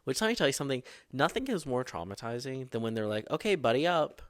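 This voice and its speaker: A man's voice: mid-range voice, very animated, fast talker, no echo, clean studio sound. A young man hosting a podcast, telling school stories in a sassy, overdramatic, profane way. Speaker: podcast host. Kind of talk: casual storytelling monologue.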